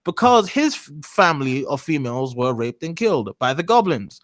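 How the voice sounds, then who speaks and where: A man's voice: on the high side, big pitch swings, normal speed, no echo. A man co-hosting a casual stream chat, rambling and mocking, often tripping over his own restarts. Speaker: stream co-host.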